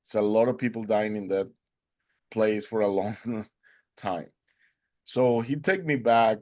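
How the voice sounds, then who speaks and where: A man's voice: on the low side, a little slow, darkish tone. A man whose first language is Spanish, earnestly telling a personal story as an interview guest, with non-native English phrasing. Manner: acts out quoted dialogue in a raised voice.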